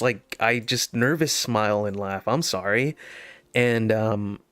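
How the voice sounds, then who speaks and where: A man's voice: medium pitch, normal speed, fairly bright tone, clear, resonant tone, no room sound. A man telling a story while playing a game, rambling with many fillers and nervous laughs. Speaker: gaming video host. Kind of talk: casual gameplay commentary with storytelling.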